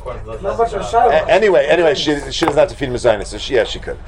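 A man leading a Talmud class, animated, acting out the voices in the debate and breaking into shouts. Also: a little high, a little fast, a crowd in the background. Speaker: Talmud teacher. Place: classroom with students.

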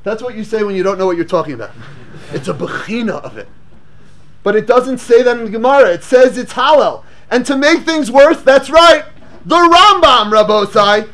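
A man giving a lively Torah lecture, asking rhetorical questions and mixing English with Hebrew and Yiddish terms. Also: very high voice, moderate pace, slight background noise. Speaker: rabbi teaching Torah class.

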